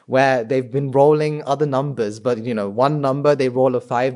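A man's voice: mid-range voice, fairly even intonation, normal speed, darkish tone. A man giving an informal talk, asking his listeners rhetorical questions and often restarting his sentences. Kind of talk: informal spoken talk to an audience.

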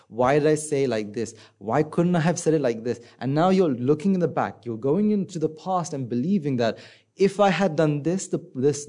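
A man giving a conversational Buddhist dharma talk, often asking the listeners questions and acting out inner voices in a soft, low tone. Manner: conversational, asks the audience rhetorical questions. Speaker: Buddhist teacher.

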